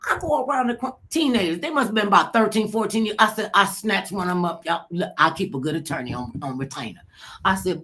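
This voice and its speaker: A middle-aged woman hosting a casual chat, telling stories with animated acted-out voices. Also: lowish voice, fast. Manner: animated storyteller, acts out voices. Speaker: host.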